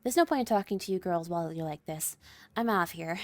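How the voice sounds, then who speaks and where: A woman's voice: fairly low pitch, expressive, fairly quick, faint music behind, close to an everyday voice. A woman voicing a defiant young magical girl who is cold and hostile toward her friends, reading visual novel lines aloud. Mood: menacing. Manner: bitter, defensive, challenging.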